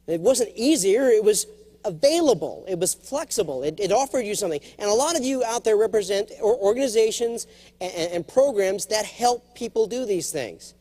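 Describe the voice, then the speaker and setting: Speaking at a moderate pace in a high voice, this middle-aged man gives a funny, motivational keynote to a big conference audience. He's animated and full of jokes, occasionally breaking into character voices.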